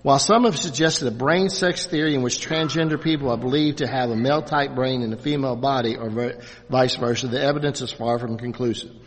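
An older man teaches a church class in a reverberant hall, his speech full of restarts and fillers. His voice sits at a middling pitch. The long echo of the room trails every phrase. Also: a little hiss or hum. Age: 60s. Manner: halting, many restarts and fillers. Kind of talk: church class lecture with questions.

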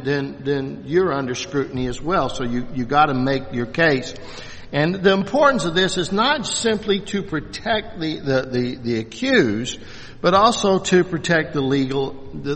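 A man's voice: a little high, a bit bright. A man teaching a Bible class in a loose, unscripted way, talking in stops and starts with many restarts and fillers. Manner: halting, many restarts and fillers, self-deprecating. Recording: distant mic, long hall reverb.

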